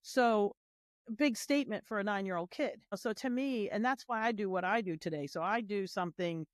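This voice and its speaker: A woman in a casual panel conversation who tells stories in an animated way and acts out the voices of the people she quotes. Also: medium pitch, moderate pace, no echo, clean studio sound. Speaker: guest, heritage tour organizer.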